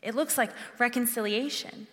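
A woman's voice: fairly high pitch, moderate pace, in a large hall. A woman preaching a sermon in an earnest, conversational way, restarting her phrases often.

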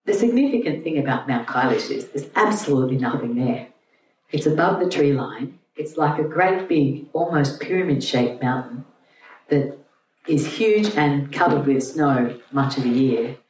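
Lady telling old god stories to a class, low voice, echoey room, mic far away. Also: moderate pace. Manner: chatty, irreverent, animated retelling. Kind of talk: storytelling lecture to a group. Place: room with an audience. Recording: roomy, distant mic, faint hum.

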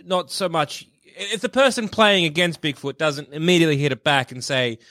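A man co-hosting a comedy podcast, building silly scenarios with many pauses and restarts. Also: fairly high pitch, bright, forceful tone, no room sound, clean studio sound. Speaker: podcast co-host. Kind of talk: casual comedic chat.

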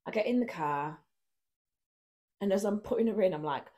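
A woman, co-hosting a podcast and telling a lively anecdote in casual chat. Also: mid-range voice, normal speed. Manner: animated anecdote-telling with frequent laughter and acted quotes. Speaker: podcast co-host.

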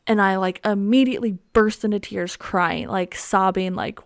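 A woman's voice: mid-range voice, steady tone, moderate pace, gravelly, few pauses, no echo. A young woman hosting her own podcast, telling a story in a rambling way with lots of ums and likes. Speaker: podcast host. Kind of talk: casual solo storytelling.

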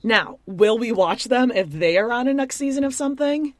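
A woman's voice: on the high side, lively intonation, moderate pace, no echo, clean studio sound. A woman co-hosting a casual reality show recap, blunt and snarky, mocking the people she talks about. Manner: snarky, blunt, acts out quotes in mocking voices. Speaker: podcast co-host.

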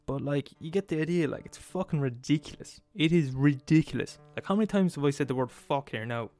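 A man's voice: fairly high pitch, brisk, a little mellow, soft background music. A man hosting a podcast, delivering a comedic rant full of swearing and emphatic repetition. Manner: profane, emphatic, laughs at his own points. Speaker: podcast host.

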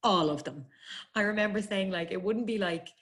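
A woman's voice: medium pitch, fairly bright tone. An Irish woman chatting freely as a guest, telling a personal story with feeling and frequent laughs. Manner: chatty, emotional, quick to laugh.

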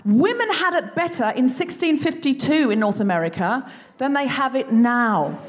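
A woman with an Australian accent hosting a live comedy quiz, playful and chatty, quick with asides. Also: sits high, lively intonation. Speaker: comedy podcast host. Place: live venue stage.

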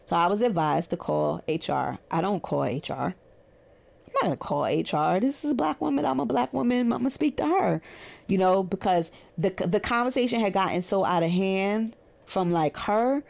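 Gravelly-voiced Brooklyn woman telling a story. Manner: animated, acts out quoted dialogue with rising pitch. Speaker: therapist in private practice. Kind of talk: casual storytelling monologue.

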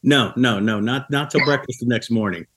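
A man's voice: mid-range voice, moderate pace, fairly bright tone, slightly rough. A man from Buffalo, New York, a restaurant co-founder guest telling rambling anecdotes on a podcast, often restarting his sentences. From Buffalo, New York, USA. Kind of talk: casual podcast storytelling.

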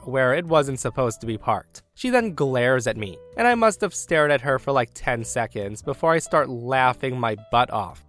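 Animated male storyteller. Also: medium pitch. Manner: animated, chatty and sarcastic. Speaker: host narrating reddit stories. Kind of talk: storytelling narration.

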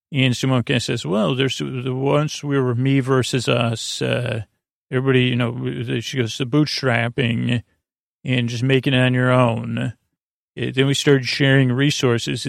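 A man with a rough, creaky texture recaps a TV episode for a sleep podcast. His pitch barely moves, and his voice sounds close and dry. He rambles and hesitates, filling gaps with pauses. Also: no echo. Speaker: podcast host.

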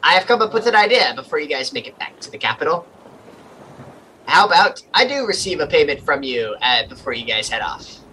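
A scheming merfolk chief who trades in goods and people, as a man puts him on. He talks slowly and coolly, weighing every word. His voice is bright and forward, with faint background hiss. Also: fairly high pitch, big pitch swings, poor audio. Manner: slow, measured, coolly bargaining. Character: scheming male merfolk leader, a shrewd trader.

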